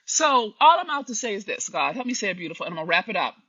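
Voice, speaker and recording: A woman's voice: medium pitch, big pitch swings, racing, fairly bright tone, husky. A woman giving an impassioned, preachy live stream monologue, speaking straight to her listeners. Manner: preachy, emphatic, addresses listeners directly. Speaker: commentator. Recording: dull lo-fi live stream audio.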